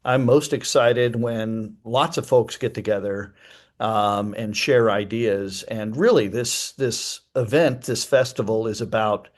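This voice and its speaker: A man's voice: lowish voice, fairly even intonation, takes it slowly. A man, an author appearing as a guest, answering in a thoughtful, rambling way with frequent fillers. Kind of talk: casual interview chat.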